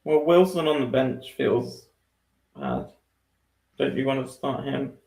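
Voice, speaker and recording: A man's voice: medium pitch, animated, takes it slowly, vocal fry, darkish tone. A man co-hosting a casual fantasy football podcast, musing aloud, laughing often and trailing off. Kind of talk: casual chat. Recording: echoey room.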